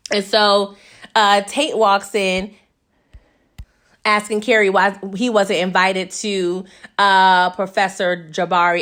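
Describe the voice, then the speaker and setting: A woman's voice: mid-range voice, a bit bright. A woman hosting a casual TV episode recap, chatty and slangy, tossing sassy asides to her viewers.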